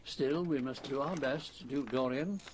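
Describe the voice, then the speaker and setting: A man voicing a wounded, steady warrior companion in an audiobook reading. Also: medium pitch, measured pace, noisy background, natural voice. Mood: weary. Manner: wan, steady.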